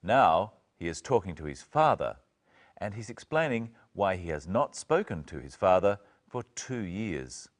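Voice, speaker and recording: Deep-voiced male English lesson presenter. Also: sing-song. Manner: clear, careful, slow over examples. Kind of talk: scripted teaching narration.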